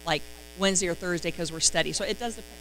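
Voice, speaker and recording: A woman giving a casual, chatty sales training talk, excitable and full of fillers. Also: fairly low pitch, racing, a little hiss or hum, rough recording.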